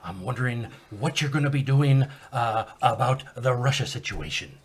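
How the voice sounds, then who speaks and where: A man improvising an older former president phoning in from heaven, speaking in halting, stammering bursts full of fillers. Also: mid-range voice, husky, close to an everyday voice. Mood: chummy. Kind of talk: improvised comedy sketch.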